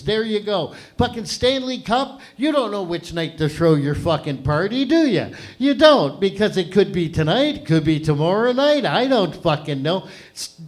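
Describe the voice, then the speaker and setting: Ranting profane Canadian comedy emcee, high voice. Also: male voice. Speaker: stand-up host. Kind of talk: stand-up comedy emcee set. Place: comedy club stage, audience present.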